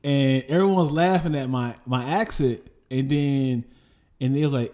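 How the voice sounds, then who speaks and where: A man's voice: medium pitch, a little fast, dark tone. A man co-hosting a podcast in casual chat, laughing often and stumbling over his words as he mocks himself. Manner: laughing, stammering, self-deprecating. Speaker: podcast co-host.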